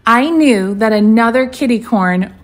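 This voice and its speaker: A woman voicing a gentle, polite male unicorn who speaks in a hushed way. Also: fairly high pitch, a little slow, lightly acted.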